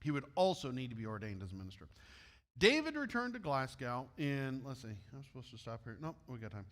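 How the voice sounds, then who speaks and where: A man's voice: medium pitch, very animated, brisk, a bit bright, in a large hall. Midwestern man reading a story in church. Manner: friendly asides to listeners. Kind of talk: reading a missionary story aloud.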